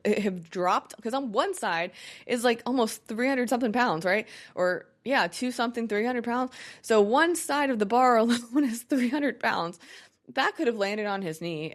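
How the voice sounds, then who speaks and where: Impassioned woman hosting a podcast. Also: medium pitch. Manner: impassioned, with many fillers and restarts. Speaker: podcast host. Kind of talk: casual podcast monologue.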